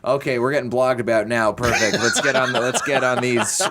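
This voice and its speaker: A man's voice: mid-range voice, steady tone, brisk, crowd noise. A man hosting a comedy podcast in casual chat, joking and laughing as he talks. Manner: joking, laughs while talking. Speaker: podcast host.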